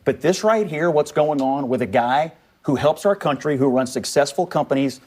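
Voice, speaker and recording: A man's voice: on the high side, moderate pace, darkish tone. A man on a cable news panel in a heated debate, talking over his opponent. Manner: heated, interrupting.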